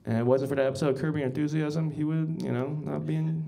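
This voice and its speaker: A man's voice: a little high, fairly even intonation, fast talker, gravelly, mellow. A man doing a stand-up comedy set as emcee, rambling and self-mocking, chuckling at his own jokes.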